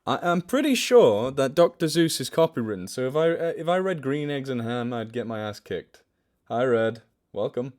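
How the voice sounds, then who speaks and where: A man's voice: mid-range voice, expressive, moderate pace, a little mellow. A young man hosting a livestream, chatting casually with viewers, joking about himself and answering their questions. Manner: chatty, self-mocking, answers chat questions. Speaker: livestream host.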